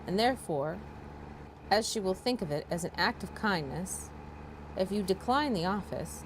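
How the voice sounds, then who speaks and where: A woman's voice: mid-range voice, expressive, normal speed, noisy background, natural voice. A woman voicing a dry, teasing middle-aged father in a dramatic reading of a classic novel.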